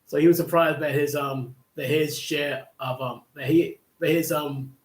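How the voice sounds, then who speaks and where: A man's voice: on the high side, steady tone, unhurried. A man hosting a livestream, telling a long casual story that rambles with many restarts and asides. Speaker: livestream host. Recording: echoey room.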